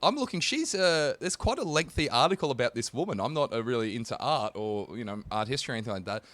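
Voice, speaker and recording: Wry, giggly man, lively pitch. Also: fast talker, no echo. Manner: wry, teasing, giggly, reads quotes aloud. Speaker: podcast co-host. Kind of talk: casual comedic chat.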